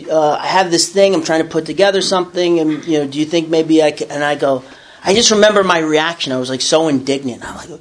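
A man's voice: on the high side, brisk. A middle-aged man telling a personal story in a casual, rambling way, with many restarts and self-corrections. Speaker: storyteller sharing a recovery story.

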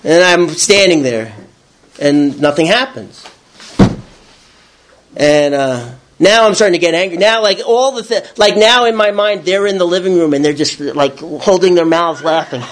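A man with a notably high-pitched voice tells a personal story about his recovery. He rambles, stumbles into restarts and repeats his words, and brings the tale alive by acting out his own shouting. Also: animated, normal speed.

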